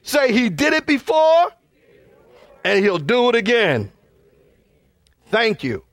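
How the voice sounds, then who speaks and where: Pastor, male, high-pitched and fervent, delivering a sermon, dry recording. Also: sing-song, slow, no room sound. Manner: fervent, urging the congregation.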